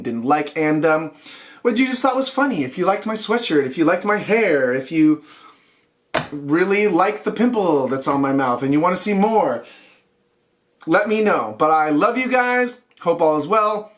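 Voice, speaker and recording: A man's voice: a little high, lively intonation, moderate pace. A young adult man hosting a weekly online news show, ranting in a heated, casual way straight to camera.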